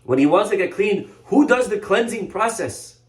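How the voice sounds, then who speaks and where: A man, a rabbi, teaching a Torah lesson as an animated storyteller with many restarts. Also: sits high, moderate pace. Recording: echoey room.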